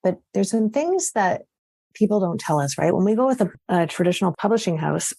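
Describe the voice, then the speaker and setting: A woman's voice: mid-range voice, expressive, brisk, vocal fry, dark tone, no room sound. A Canadian woman talking confidently and chattily as a podcast interview guest. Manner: chatty, confident, tags statements with "right?". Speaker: podcast guest, agency CEO.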